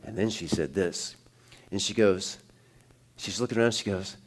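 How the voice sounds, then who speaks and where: A man preaching in a church, telling a personal story in a relaxed, conversational way with restarts, then building to loud, emphatic preaching. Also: deep voice, normal speed. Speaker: pastor. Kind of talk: sermon.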